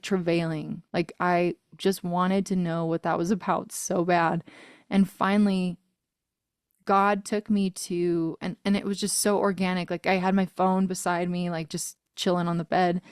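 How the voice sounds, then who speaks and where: A woman's voice: on the low side, darkish tone, clean tone, dry recording, clean studio sound. A woman in her thirties, a singer-songwriter guest, telling a personal story in a casual interview, earnest and emotional, with frequent laughs and fillers.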